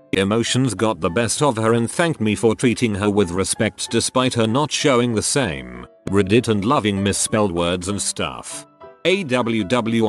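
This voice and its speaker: Male narrator, low and expressive, reads forum stories with his own asides. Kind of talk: reading forum stories aloud. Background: faint background music.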